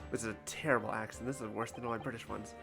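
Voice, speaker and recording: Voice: mid-range voice, steady tone, rapid-fire, creaky, music in the background. A game streamer commenting casually and making self-deprecating jokes between reading lines. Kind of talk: casual let's-play commentary.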